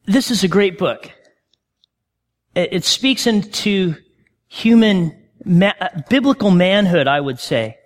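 A man's voice: high-pitched, lively intonation, slow, pauses often, in a large hall. A male pastor preaching a conversational sermon, often calling out to his congregation.

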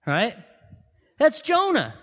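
High bright-voiced man preaching a sermon. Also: huge pitch swings, slow pace. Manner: impassioned storytelling, repeated rhetorical questions. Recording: long reverb of a large hall.

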